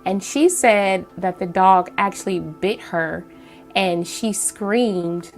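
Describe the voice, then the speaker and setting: A woman's voice: mid-range voice, slow, soft background music. A woman hosting her own channel, telling a story to the camera at home in a rambling, casual way with many fillers and restarts. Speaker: channel host.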